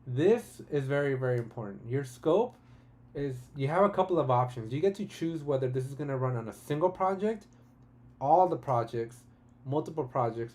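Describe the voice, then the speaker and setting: A man hosting a live-streamed software tutorial, talking casually and enthusiastically, often adding "right?" and restarting his sentences. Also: mid-range voice. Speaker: tutorial host.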